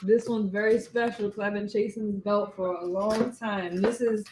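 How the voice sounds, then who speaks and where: A woman in her thirties, a boxing champion being interviewed, telling animated stories with laughs and swearing. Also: medium pitch, moderate pace, slight background noise. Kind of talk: casual interview chat.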